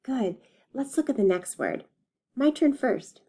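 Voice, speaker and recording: A woman teacher leading a phonics lesson for young children, slowly modeling and stretching words and encouraging them. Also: high-pitched, lively intonation, mellow, slightly rough.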